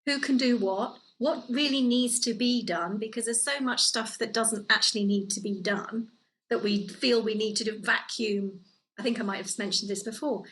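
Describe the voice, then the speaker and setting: A woman's voice: fairly high pitch, moderate pace, a bit bright, low-quality recording. Earnest woman co-host giving advice. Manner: earnest, advice-giving, many fillers and restarts. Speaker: podcast co-host. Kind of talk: casual conversational chat. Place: living in Italy.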